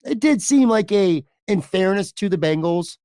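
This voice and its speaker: A man's voice: high voice, expressive, normal speed, warm tone, smooth, dry recording, clean studio sound. A man hosting a sports podcast, chatting casually, hedging his points and swearing offhand. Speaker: podcast host.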